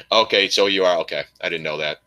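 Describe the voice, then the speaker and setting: Guy hosting a live stream, kinda low voice but bright and sharp, rambly, laughs a lot. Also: fairly quick. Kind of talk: casual live-stream chat.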